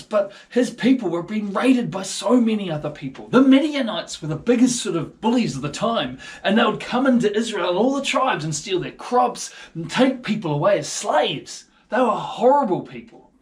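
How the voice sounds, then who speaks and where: A man with a New Zealand accent telling a Bible story to kids, casual and playful throughout. His fairly high voice swings a lot in pitch. He keeps the telling lively and easygoing. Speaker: children's ministry storyteller. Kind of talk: storytelling for children.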